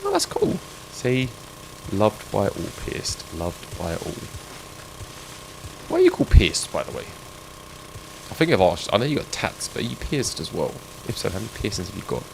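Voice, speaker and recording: A man's voice: low voice, sing-song, normal speed, creaky. A man chatting and joking with viewers while he streams a game. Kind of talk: live gameplay stream chat. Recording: game sound noise behind.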